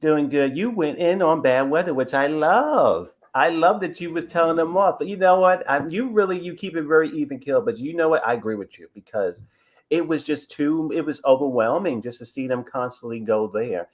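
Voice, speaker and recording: A man's voice: fairly high pitch, lively intonation, moderate pace. A man calling in to a live show, giving rambling, gossipy commentary on a reality TV episode. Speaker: caller. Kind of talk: casual call-in commentary.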